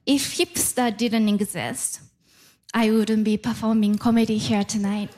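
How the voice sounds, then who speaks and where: Slow deadpan woman with a Japanese accent. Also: fairly high pitch, slight background noise. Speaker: stand-up comedian. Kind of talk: stand-up comedy set. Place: comedy club stage before a laughing audience.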